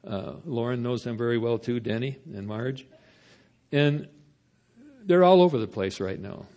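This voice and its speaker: A man preaching a sermon in a conversational, storytelling way with halting restarts. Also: medium pitch, dark tone.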